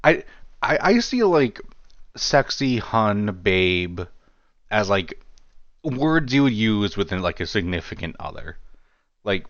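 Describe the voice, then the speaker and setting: Male commentary creator, slow deep-ish delivery, casual rambling, muffled lo-fi sound. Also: very animated, a bit bright, no room sound. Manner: rambling, heavy on fillers like "you know" and "like"; wry, self-deprecating asides. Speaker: true-crime commentary creator. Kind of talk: casual video commentary reading chat logs.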